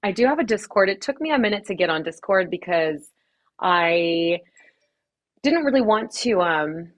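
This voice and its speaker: A woman from Los Angeles, a DJ and streamer, talking fast and casually in a podcast interview, laughing often and swearing freely. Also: fairly low pitch, lively intonation. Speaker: DJ and streamer guest.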